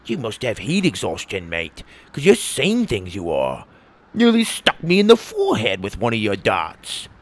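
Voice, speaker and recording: A man voicing a nervous, chummy young male companion with a croaky, raised voice. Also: on the low side, huge pitch swings, moderate pace. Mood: anxious.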